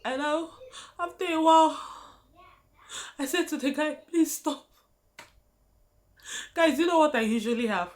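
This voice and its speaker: A woman's voice: high voice, measured pace, long pauses. A young Nigerian woman with a Nigerian accent, telling a casual story to her viewers, laughing often and calling them guys. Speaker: vlogger.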